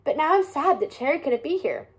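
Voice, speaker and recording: A woman's voice: high-pitched, very animated, fairly quick, voice pushed up. A woman reading aloud and voicing a cheerful, kind young girl in a children's storybook. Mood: wistful.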